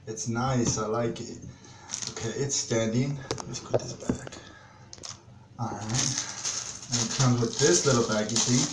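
Brief: man vlogger, foul-mouthed and fed up, rambling review taped in a small bathroom with echo and background hiss. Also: medium pitch. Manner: profane, exasperated rambling. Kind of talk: casual product review vlog. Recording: echoey bathroom with background noise.

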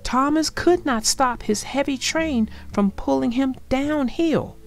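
A woman reading a children's story aloud with an expressive, gentle storybook delivery. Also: sits high, slow pace.

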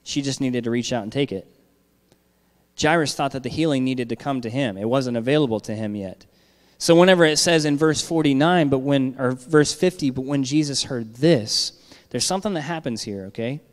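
Man, pastor, conversational sermon, frequent "all right?" check-ins, mid-pitched voice, long church hall reverb. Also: moderate pace.

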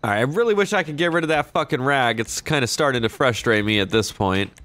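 Here the same roleplaying shop clerk talks fast, his mid-range voice fairly bright with no room sound at all. He's a young man chatting casually through gameplay and in-character banter, dropping the odd swear and stretching his emotes into a drawl.

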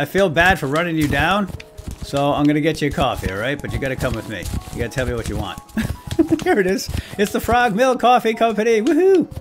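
A man giving playful, jokey gameplay commentary as a let's play host, excitable and prone to chuckles and whoops. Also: on the high side.

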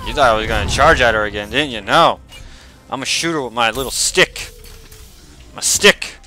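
Excitable man yelling over game music. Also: mid-range voice, fast talker. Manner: excitable, swears and yells at the game. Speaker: video game player. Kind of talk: gameplay commentary.

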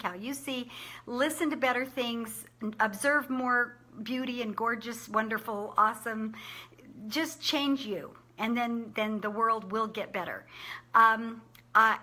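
A woman's voice: a little high, sharp tone. A middle-aged woman sharing conference takeaways in a chatty, upbeat way, laughing often. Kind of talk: casual talk to camera.

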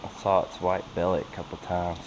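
Excited and laughing often, a man films himself bass fishing outdoors under a bridge by a creek, exclaiming at every fish. He speaks a little fast, captured on noisy outdoor camera audio.

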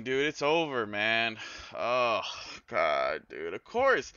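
A man commentating his own football video game as he plays, excitable and swearing, yelling at his players and groaning at their mistakes. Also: medium pitch, slow, gravelly, dry recording, muffled recording. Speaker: gaming YouTuber. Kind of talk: live gameplay commentary.

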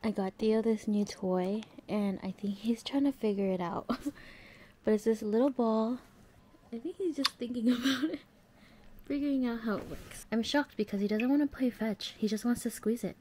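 A woman chatting casually through a home vlog, now and then dropping into a soft whisper. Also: on the high side, fairly even intonation, moderate pace, slight background noise. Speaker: vlogger.

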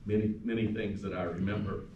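A man, a pastor, delivering a funeral eulogy, telling anecdotes that sometimes drop to a soft, quiet tone. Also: on the low side, fairly even intonation, quick pace, muffled recording, a little hiss or hum. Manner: storytelling, warm anecdotes, turns soft and quiet at times. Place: funeral home chapel. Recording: echoey room from far off.

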